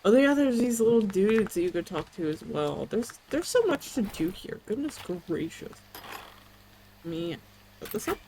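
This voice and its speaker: A woman's voice: medium pitch, sing-song, normal speed, mellow, a little hiss or hum. A woman streaming a cozy video game, chatting casually, thinking aloud and giggling often. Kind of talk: casual gameplay commentary.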